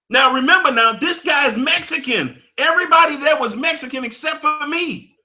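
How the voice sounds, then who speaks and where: A man's voice: extremely high pitch, animated, normal speed, pushed and bright. A man, giving an impassioned monologue that repeats phrases for emphasis. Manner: preachy, emphatic, repeats phrases, laughs at his own points. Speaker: commentator.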